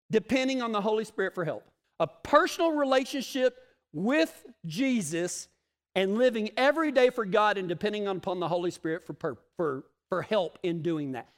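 High-voiced emphatic cowboy preacher, reverberant. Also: male voice, fairly bright tone. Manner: emphatic, repeats key phrases, plainspoken. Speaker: cowboy ministry leader. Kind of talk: folksy devotional sermon.

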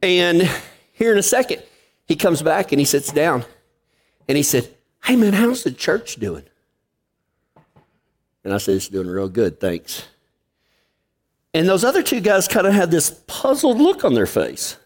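Delivering a sermon at a moderate pace, this pastor has a high voice with huge swings in pitch. His story is folksy and drawled, with the characters' lines performed aloud.

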